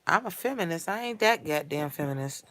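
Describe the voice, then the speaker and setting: A woman delivering a blunt, foul-mouthed comedic rant in streetwise slang that builds to shouting. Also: low voice, animated, fairly quick, no room sound. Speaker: character monologue performer.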